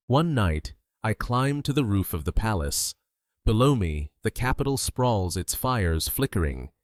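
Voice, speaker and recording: Male sleep-documentary narrator, low, dry close sound, calm and measured. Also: dry recording.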